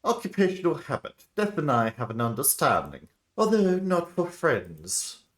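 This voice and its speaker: A man voicing a composed, evasive male doctor with a put-on Italian accent, speaking well above his own pitch. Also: sing-song, normal speed, a bit bright.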